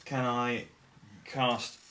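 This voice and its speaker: A man playing in a tabletop game, speaking haltingly and repeating words as he thinks. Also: mid-range voice, level tone, pushed and bright, a little hiss or hum. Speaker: player. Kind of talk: casual tabletop game chat.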